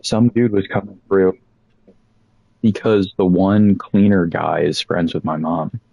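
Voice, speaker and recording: A young man casually telling a rambling, profane story about old jobs, animated as he quotes people. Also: low-pitched, measured pace, creaky, husky, no room sound, dull audio.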